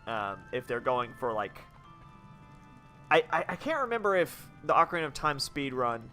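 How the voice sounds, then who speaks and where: A man's voice: mid-range voice, very animated, moderate pace, bright, forceful tone, faint music behind. A young man chatting casually as he plays a game, rambling with lots of restarts. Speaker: game streamer. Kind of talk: casual let's-play commentary.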